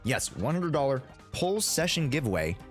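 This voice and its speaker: Male streamer host, casual filler-heavy chat, very animated intonation, faint music behind. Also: medium pitch, normal speed. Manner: rambling, filler-heavy, playful.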